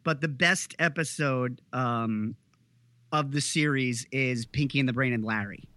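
A man's voice: medium pitch, a little slow, bright, forceful tone, no echo. A man co-hosting a casual podcast, an enthusiastic storyteller who laughs between points. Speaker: podcast co-host. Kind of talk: casual chat.

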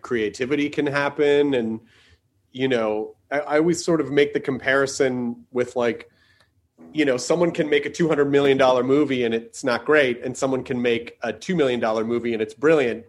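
A man's voice: mid-range voice, normal speed. A man from Tennessee hosting a casual interview, talking in long rambling sentences full of restarts. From Southern US, Tennessee. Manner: rambling, many restarts and fillers. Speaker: podcast host.

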